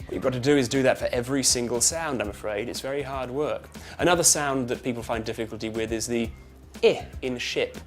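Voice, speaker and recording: A man, an actor and voice coach giving clear, demonstrative coaching tips and modelling the sounds aloud. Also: medium pitch. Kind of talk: accent coaching tips to camera.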